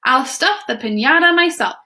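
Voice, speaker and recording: A woman's voice: high-pitched, expressive, normal speed, bright, forceful tone. A woman voicing a hardworking iguana in a picture book who does everything herself. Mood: determined. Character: determined, hardworking female iguana.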